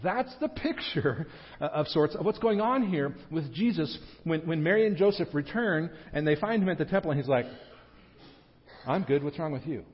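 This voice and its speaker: Male pastor, fairly high voice, chatty sermon delivery with joking asides; dull lo-fi church recording. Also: lively intonation. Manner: conversational, with joking asides and quick restarts. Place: church sanctuary. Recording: dull lo-fi sound with a long hall reverb.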